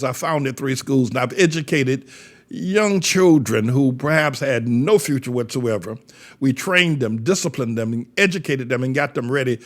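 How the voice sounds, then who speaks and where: An older man, a pastor, delivering a blunt, rambling commentary monologue and often repeating words as he searches for the next thought. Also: medium pitch.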